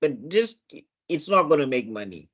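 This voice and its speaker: Male co-host, higher-pitched, animated casual podcast chatter. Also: moderate pace. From South Africa. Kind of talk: casual chat reviewing a TV show.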